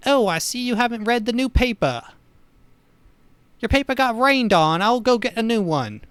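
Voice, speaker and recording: A cheery, helpful old-fashioned neighborhood cop with a put-on British accent, played by a man. His voice sits well above a man's usual speech, bright and eager to please. The sound is close and dry. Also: very high-pitched, lively intonation, moderate pace, clean tone, no room sound, pitched above the performer's own voice. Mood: chirpy. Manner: chirpy, eager to help.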